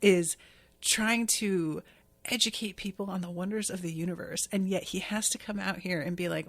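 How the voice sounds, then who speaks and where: A woman's voice: medium pitch, normal speed. Chatty woman recapping an anime episode. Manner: chatty, animated retelling with quoted voices. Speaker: podcast host.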